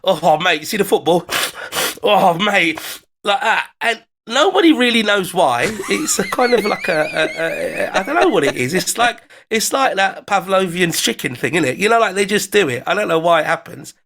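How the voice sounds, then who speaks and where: A man's voice: sits high, sing-song, fairly quick, hardly any pauses, a bit bright, a little hiss or hum. A man with an English accent chatting casually and cheekily as a regular correspondent on a talk show, rambling and teasing. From England. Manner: cheeky, rambling, does mock voices. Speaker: foreign correspondent. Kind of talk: casual chat.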